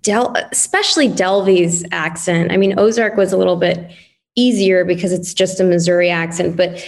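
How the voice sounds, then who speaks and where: A woman's voice: fairly low pitch, fairly even intonation, normal speed, vocal fry. A woman guest in a roundtable conversation, chatty, laughing often and stumbling over her words. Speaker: actress guest.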